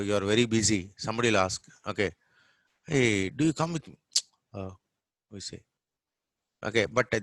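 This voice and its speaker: A man's voice: fairly low pitch, dry recording. Telugu-accented man teaching English pronunciation. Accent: Telugu-accented Indian English. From Telugu-speaking India. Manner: repeats model words slowly and loudly, corrects gently. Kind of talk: classroom pronunciation lesson.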